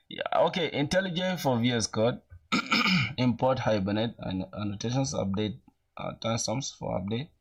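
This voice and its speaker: A young man in his twenties chatting casually with viewers while coding live, using relaxed slang and thinking aloud, with an occasional cough. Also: medium pitch. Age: young adult. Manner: laid-back slangy, greets chat, thinks aloud. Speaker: programming streamer.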